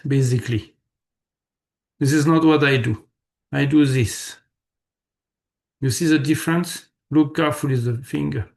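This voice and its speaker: Male meditation teacher, gravelly and slightly high voice, patient coaching with lots of repetition. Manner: patient, repeats words, checks students often. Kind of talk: live online class instruction.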